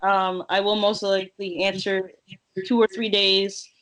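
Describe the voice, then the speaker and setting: A woman's voice: medium pitch, little pitch movement, measured pace, fairly bright tone, low-quality recording. A woman, a cosplayer guest, chatting casually in an interview, joking and laughing often.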